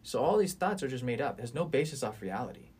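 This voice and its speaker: A man's voice: mid-range voice, very animated, quick pace, darkish tone, slightly rough. A man in his twenties talking earnestly and at length in a casual podcast conversation, rambling and swearing freely.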